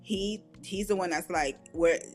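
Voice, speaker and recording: Woman telling lively personal stories. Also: sits low, normal speed, faint music behind. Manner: animated, acts out quoted voices, laughs often. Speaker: author and guest. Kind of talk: candid conversational storytelling.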